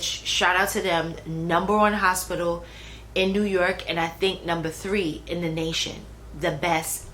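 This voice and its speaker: A woman's voice: fairly low pitch, fairly bright tone, rough recording. Chatty woman telling her own story. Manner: chatty, with fillers and restarts. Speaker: vlogger. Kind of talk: casual personal storytelling. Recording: faint background noise.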